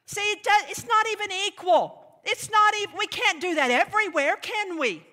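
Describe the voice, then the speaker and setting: A woman delivers a sermon with emphatic, animated energy and a high, bright voice. She acts out playful mock voices to drive her points home. Her words ring with the long reverb of a large hall. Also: moderate pace. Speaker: preacher.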